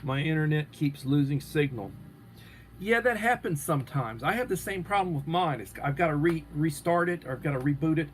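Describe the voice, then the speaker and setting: A livestream host chats casually and rambles as he responds to viewers' comments. His fairly high voice is expressive and a little fast, and there's a little hiss or hum.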